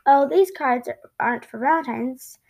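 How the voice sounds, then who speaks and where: A woman's voice: high voice, moderate pace, gravelly, darkish tone. A woman voicing an eager, earnest young boy turtle while reading a storybook aloud.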